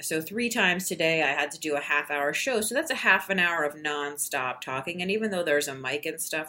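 A low-pitched woman records a loose, chatty podcast diary. Her voice is hoarse and worn from days of talking, yet it stays bright and forward. She rambles, filling gaps with "um" and "you know.". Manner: rambling, with many fillers. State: tired. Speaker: podcast host.

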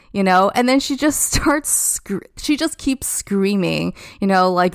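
Chatting as a guest on a podcast, a young woman tells a story casually, with "like" dropped in constantly. Her voice is on the high side with lively intonation and a slightly slow pace, captured in a dry, studio-quality recording.

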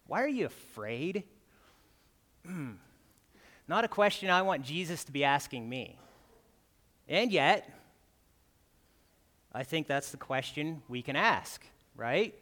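A man's voice: on the high side, lively intonation, slow pace, pauses often, a bit bright. A man giving a guest sermon in a conversational way, often tagging his points with "right?". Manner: conversational, keeps asking "right?". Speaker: guest preacher. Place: church. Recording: church hall with long reverb.

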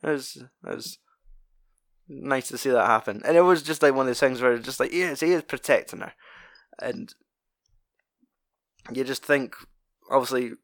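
A man's voice: mid-range voice, normal speed, long pauses, a bit bright, no echo, studio quality. A man chatting casually about a film, rambling, swearing freely and laughing often.

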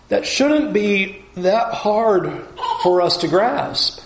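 A man's voice: sits high, animated, very slow, roomy sound, rough recording. A man preaching a sermon as a pastor, emphatic, repeating key phrases for stress.

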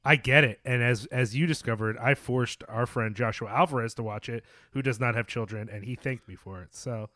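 A man co-hosting a podcast in casual chat, with a wry, teasing manner and deadpan put-downs. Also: medium pitch, brisk, few pauses, no echo, studio quality. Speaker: podcast co-host.

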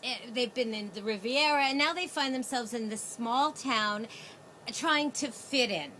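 A woman's voice: on the high side, measured pace, pushed and bright, slight background noise. A woman co-hosting a casual film review show. She is chatty and laughs often, with rambling restarts.

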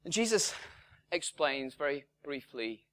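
A middle-aged man preaching a sermon in a conversational way, acting out little dialogues and dropping to hushed tones. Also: on the high side, sing-song, unhurried, smooth. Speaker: pastor.

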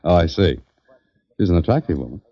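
An actor playing a wry, quick-witted writer and adventurer who also narrates, in a 1940s radio drama. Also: male voice, low-pitched, animated, dark tone. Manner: wry, ironic. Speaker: narrator and lead. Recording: dull old radio recording with faint music.

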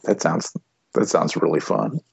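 Gravelly man swearing in casual chat. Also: low voice, a little slow, dry recording, lo-fi sound. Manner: blunt, swears a lot. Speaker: podcast co-host.

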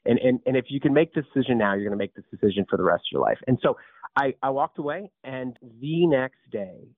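A man in his thirties, a company founder telling his story as a podcast guest, animated and full of restarts and repeated words. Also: medium pitch, very fast, no room sound. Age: 30s. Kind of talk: casual storytelling interview. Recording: tinny phone-like line, dry.

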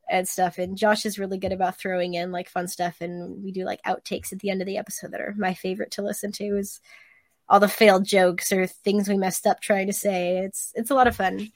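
A woman's voice: mid-range voice, a little mellow, no room sound. A woman chatting casually as a podcast guest, talking freely and laughing often. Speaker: podcast guest, convention volunteer. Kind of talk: casual chat.

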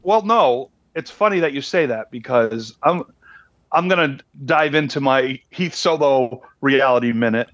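A man of middle pitch co-hosting a podcast in easy, joking chat, often playing at being indignant. His recording sounds a little dull and muffled. It is dry, with no room echo. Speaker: podcast co-host, actor. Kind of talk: casual chat.

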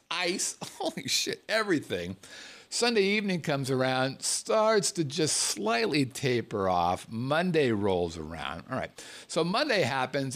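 A man spinning a casual, self-mocking story, his voice leaping up and down with lively swings in pitch. He swears freely as he talks. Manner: animated, swears freely, jokes at himself.

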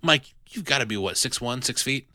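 A man hosting a casual podcast chat about a tabletop adventure, animated and self-deprecating, with many restarts. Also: medium pitch, moderate pace, no echo. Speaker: podcast host reviewing an adventure.

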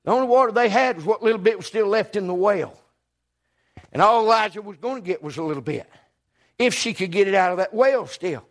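A man preaching a storytelling sermon, folksy and emphatic, dropping to a hush and rising to a shout. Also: sits high, lively intonation, a little fast.

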